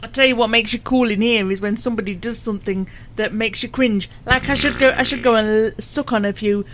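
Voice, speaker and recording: A woman's voice: fairly high pitch, steady tone, fairly quick. A woman with a British accent co-hosting a casual radio show with her husband, teasing him and laughing easily.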